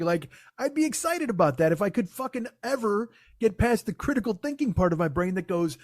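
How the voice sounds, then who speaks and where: A man's voice: very high-pitched, animated, a little fast, dry recording, clean studio sound. A man hosting a comedy podcast, ranting in a profane, sarcastic, mocking way. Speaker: podcast host.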